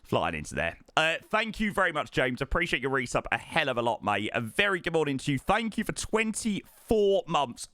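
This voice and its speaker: A man's voice: medium pitch, sharp tone, dry recording. A man, chatting casually to viewers during a flight sim stream, greeting them by name and repeating words. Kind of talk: casual live-stream chat.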